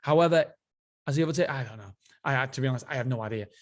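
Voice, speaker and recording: A man's voice: medium pitch, very fast. A man hosting a casual solo book review, enthusiastic and rambling, often restarting his sentences. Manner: enthusiastic, rambling, self-interrupting. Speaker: podcast host.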